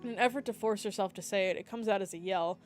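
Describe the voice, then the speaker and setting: A young woman, a streamer, reading the text of a dating game aloud with lively asides and slips. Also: mid-range voice, fast, faint music behind.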